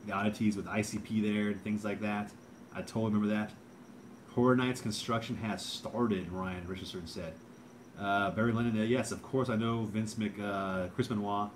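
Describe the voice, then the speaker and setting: Low-voiced rambling male streamer. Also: steady tone, moderate pace, a little hiss or hum. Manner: rambling, hesitant, lots of fillers and repeats. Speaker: livestream host reading chat. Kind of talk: casual livestream chat.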